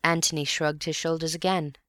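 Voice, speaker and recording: A woman narrating a novel at a steady, even storytelling pace. Her voice sits very low, and she reads close to the mic. The sound is dry, with no room around it. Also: brisk, no echo. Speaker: audiobook reader. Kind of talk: scripted narration.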